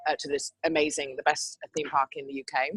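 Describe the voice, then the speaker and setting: A woman from England hosts a motivational talk, telling stories in an animated way and adding sound effects. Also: sits low, brisk, husky, no echo, low-quality recording. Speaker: host.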